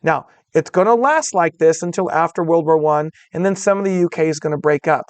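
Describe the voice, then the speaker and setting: Man, history teacher, casual lecture, says guys a lot, higher voice, dry close recording. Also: a little fast, smooth, no echo. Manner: conversational, addresses students as guys, checks in with all right; acts out voices of historical groups in quotes.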